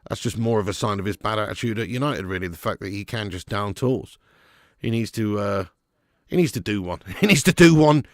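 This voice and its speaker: A man's voice: on the low side, brisk, no room sound, clean studio sound. A man hosting a live football watch-along, chatting with viewers by name and commentating with sarcasm.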